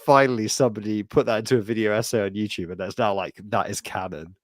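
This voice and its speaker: A man chatting casually on a podcast, rambling through animated stories with lots of restarts. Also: on the low side, fast, no echo. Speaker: podcast co-host.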